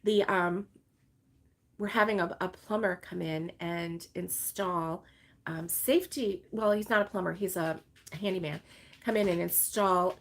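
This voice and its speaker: A woman's voice: on the low side, a little slow. A woman hosting a casual crochet livestream from home, rambling and chatting with viewers and laughing often. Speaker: crochet channel host. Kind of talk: casual livestream chat reading viewer comments. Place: her home, with dogs around.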